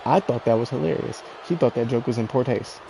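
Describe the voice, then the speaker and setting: A man's voice: medium pitch, brisk, creaky, background noise. A man chatting casually and telling a personal story while playing a video game, laid-back and laughing often. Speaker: streamer.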